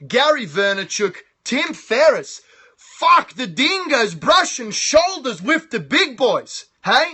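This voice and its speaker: Aussie guy on a phone livestream, super high voice, cocky and sweary, bright sharp tone. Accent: Australian. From Australia. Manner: loud, boastful, profane hype talk. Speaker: live streamer. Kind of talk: hyped live-stream monologue. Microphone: phone live stream.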